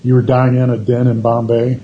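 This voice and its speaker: A man co-hosting a casual podcast, speaking in a drawling, deadpan way while he has the hiccups. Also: medium pitch, a little fast, dull audio, slight background noise. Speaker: podcast co-host. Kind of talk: casual chat.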